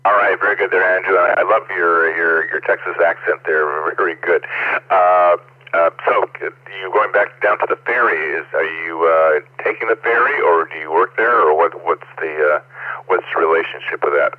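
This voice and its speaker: A man runs a ham radio net, chatting with each caller in a halting way, full of fillers. His voice sits very low and husky. It comes through a tinny radio transmission. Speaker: net control host.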